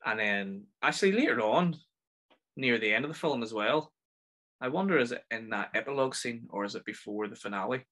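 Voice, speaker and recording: A man's voice: mid-range voice, expressive, brisk, bright, forceful tone. A man with a Northern Irish accent hosting a casual film review podcast, chatty and enthusiastic as he rambles through his thoughts. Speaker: podcast host.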